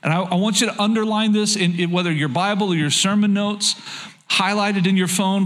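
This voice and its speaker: Guy pastor preaching, fairly high voice, earnest, keeps repeating himself. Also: steady tone, fairly quick, a bit bright. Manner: earnest, repeats words, reads scripture aloud. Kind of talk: sermon.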